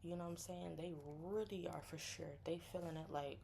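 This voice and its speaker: A woman chatting casually about astrology, animated and slangy, acting out friends in higher voices. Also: fairly quick, creaky, a little hiss or hum. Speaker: astrology content creator. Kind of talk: casual chat.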